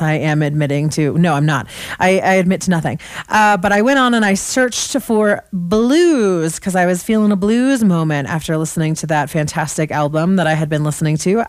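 A young woman hosts a radio show, chatting between songs in a loose, self-deprecating way with plenty of restarts. Her voice sits a little low. The studio mic is close and completely dry. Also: no room sound. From Colorado. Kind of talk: casual radio DJ chat. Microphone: studio microphone.

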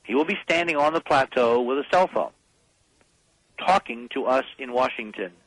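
A man's voice: mid-range voice, lively intonation, moderate pace, fairly bright tone, no room sound, poor audio. A man speaking as a guest on a radio talk show, talking emphatically and persuasively, rallying listeners to act.

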